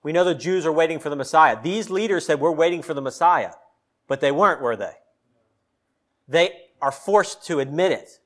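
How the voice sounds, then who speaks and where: Pastor guy preaching, punchy and emphatic, kinda high voice, keeps asking the room questions. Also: animated, normal speed. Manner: emphatic preaching, rising to loud peaks; asks the congregation pointed questions. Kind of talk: sermon.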